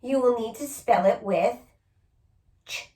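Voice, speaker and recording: Slow, patient woman teacher spelling aloud. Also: on the high side, lively intonation, roomy sound. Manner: sounds out words letter by letter, patient. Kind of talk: spelling lesson for children.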